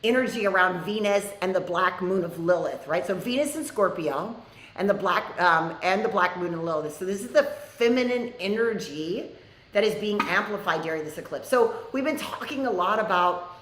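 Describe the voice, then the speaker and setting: A woman's voice: mid-range voice, animated, normal speed, a bit bright. A woman leads a live class, chatting candidly and telling stories in a conversational way. Her voice sits in a middle range. The sound has a roomy, echoey character. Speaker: spiritual teacher hosting an online class. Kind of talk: casual live class talk.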